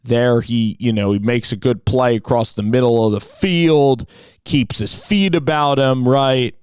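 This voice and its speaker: A man's voice: medium pitch, measured pace, a little mellow, clear, resonant tone, no echo. An enthusiastic man giving a casual football film breakdown, with frequent "like" and "you know" fillers.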